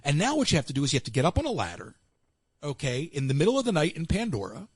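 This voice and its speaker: A man's voice: fairly high pitch, racing, breathy edge, no echo. An American man hosting a call-in show, telling stories in casual chat and acting out what others said. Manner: animated storyteller acting out quotes.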